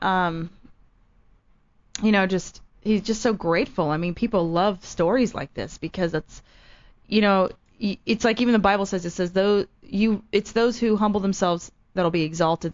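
A woman's voice: medium pitch, moderate pace. A woman co-host chatting casually and eagerly, full of fillers and restarts. The sound is a little dull and lo-fi. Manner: chatty, enthusiastic, many fillers. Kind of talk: casual chat.

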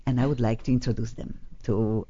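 A low-pitched woman speaks English with a foreign accent as she hosts a radio talk show. She is chatty and effusive and rambles warmly between topics. The studio audio sounds dull and lo-fi. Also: fairly even intonation, a little fast. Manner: chatty and effusive, laughs often.

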